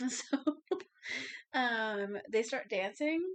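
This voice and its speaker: A woman co-hosting a podcast, chatting casually about a movie, swearing freely and finishing her co-host's sentences. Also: on the high side. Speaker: podcast co-host.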